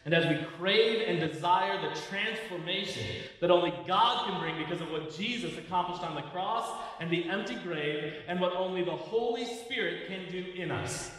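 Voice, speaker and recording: A man preaching in a church sanctuary, his earnest sermon carrying through a long, echoing hall. His voice sits a little high for a man, and he leans hard on key words. He is heard from a distance, off the mic. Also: fairly bright tone. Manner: earnest preaching, slows and stresses key phrases. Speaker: pastor.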